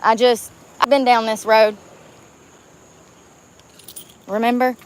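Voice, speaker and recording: A woman's voice: fairly high pitch, level tone, normal speed, slight background noise. A woman vlogger ranting angrily and bluntly to the camera from inside her car at night, swearing often. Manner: angry, profane, blunt. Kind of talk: heated rant to the camera.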